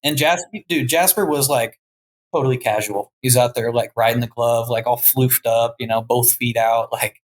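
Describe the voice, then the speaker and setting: A man's voice: mid-range voice, steady tone, normal speed, low-quality recording. A young man, a falconer and podcast guest, telling stories in a loose, laid-back way, full of "like" and "dude". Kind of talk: casual chat.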